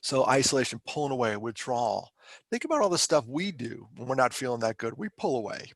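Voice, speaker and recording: Middle-aged guy, gravelly voice, dry close sound, talking openly and emotionally on a podcast. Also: medium pitch, very animated, brisk, no echo. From Pennsylvania. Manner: conversational, emotional, self-deprecating. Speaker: podcast guest, mental health speaker. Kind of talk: candid interview storytelling.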